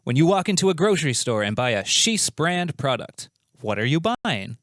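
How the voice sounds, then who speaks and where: A man's voice: fairly high pitch, very animated, moderate pace, fairly bright tone, dry recording, studio quality. A man hosting a comedic quiz show, reading out questions and answers in a playful, jokey, self-mocking way.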